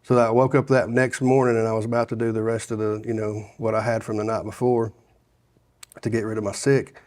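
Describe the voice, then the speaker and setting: A man's voice: fairly low pitch, level tone, a little fast, a little mellow. A middle-aged man, telling his life story in a casual interview, rambling with many restarts and "you know"s. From Sevier County, Tennessee. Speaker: guest sharing his testimony.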